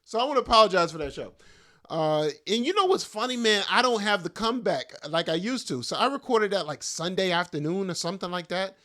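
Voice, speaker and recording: A man's voice: sits high, sing-song, a little fast, a bit bright. A middle-aged man, hosting his own podcast as a stand-up comic, rambling casually and joking at his own expense in loose slangy talk. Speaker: podcast host and stand-up comedian.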